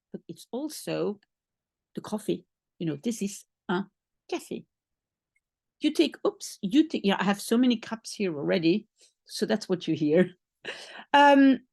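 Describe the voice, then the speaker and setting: In a one-on-one French lesson, a teacher with a mid-range, creaky and slightly mellow voice works through the material patiently, one step at a time. She frequently checks that her student follows, and the studio sound is clean with no room echo.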